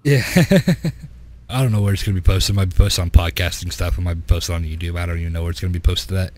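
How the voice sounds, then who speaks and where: A man's voice: sits low, fast talker, a little mellow. A man hosting a podcast, casually telling a rambling story and laughing often as he goes. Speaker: podcast host.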